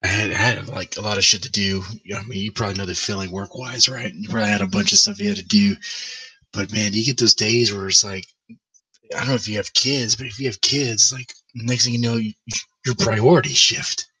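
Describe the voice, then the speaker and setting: A man's voice: lowish voice, expressive, fairly quick, pushed and bright, breathy edge, distant mic, poor audio. A man hosting his own livestream, chatting casually in a loose, rambling way with plenty of swearing. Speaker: livestream host. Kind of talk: casual chat.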